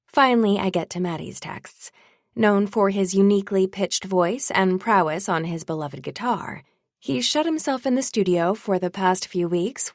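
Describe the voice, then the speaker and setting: A woman's voice: lowish voice, vocal fry, no echo. A woman narrating a first-person audiobook in a wry, dry manner, recorded on a close studio mic.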